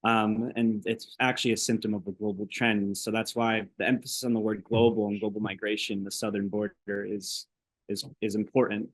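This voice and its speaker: Halting young man moderating, deep voice. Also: level tone, no echo, poor audio. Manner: nervous, halting, with many ums and uhs. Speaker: event moderator. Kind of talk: public talk introduction and questions.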